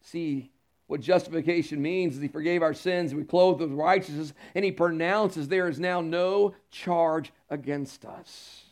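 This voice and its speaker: Male pastor mid-sermon, high-pitched delivery, swinging between booming emphasis and soft asides. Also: a little slow. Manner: emphatic, swings from loud declarations to quiet asides. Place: church sanctuary.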